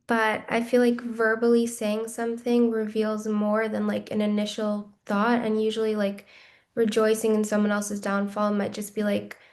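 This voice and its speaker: A woman's voice: mid-range voice, monotone, moderate pace. A young woman in a class offering a tentative idea, with many fillers. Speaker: student in a class. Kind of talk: casual question in class.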